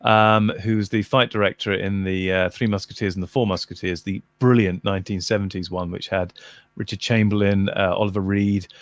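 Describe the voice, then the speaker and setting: A man chatting casually as a video creator, pausing often with ums as he recalls details. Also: low-pitched, little pitch movement, no room sound. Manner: hesitant, many ums. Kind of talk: casual chat.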